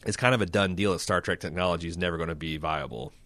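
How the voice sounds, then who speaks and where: A man in casual podcast chat, animated and cursing, who slips into high mocking voices when he quotes people. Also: fast talker, no echo.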